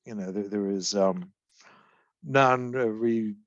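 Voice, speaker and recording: A man talks about an album in a slow, halting way, full of fillers and restarts. His voice comes through a dull remote call line. The sound is dry, with no room around it. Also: fairly low pitch, no room sound. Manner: halting, searches for words with many fillers. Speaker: guest. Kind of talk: casual podcast chat about an album.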